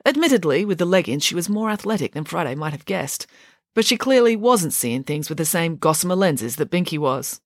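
A woman narrating a children's storybook in an expressive, lively way. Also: on the low side, brisk, no room sound, studio quality. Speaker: audiobook narrator.

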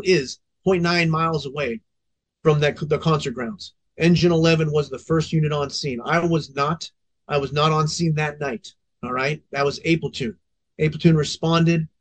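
A man's voice: fairly high pitch, steady tone, moderate pace. A man in his forties, a veteran fire officer, telling a story on a podcast in an intense, profanity-laced way.

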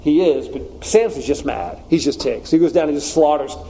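A man's voice: fairly high pitch, brisk, rough recording. A man preaching in a casual, joking way, acting out the story's lines as he teaches. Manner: animated, joking, acts out quotes. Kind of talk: conversational sermon.

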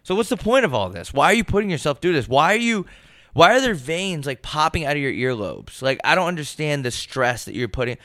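A man's voice: a little high, big pitch swings, a little fast, fairly bright tone, no room sound. A young man co-hosting a podcast, joking and mocking in casual chat on a close mic. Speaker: podcast co-host.

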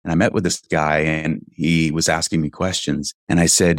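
A man's voice: rumbling low, flat delivery, normal speed, hardly any pauses, dry recording, studio quality. A middle-aged man from California, telling his story as an interview guest in an earnest, reflective, casual way. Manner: earnest, reflective, with frequent "you know" fillers. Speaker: interview guest, real estate investing founder.

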